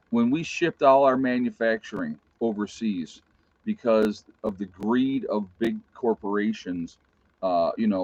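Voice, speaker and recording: With a fairly low, darkish voice, a middle-aged man with an Appalachian American accent drifts through a casual livestream, losing his thread and reading the chat out loud. There's no echo, and the sound is dull, dry, and slightly lo-fi.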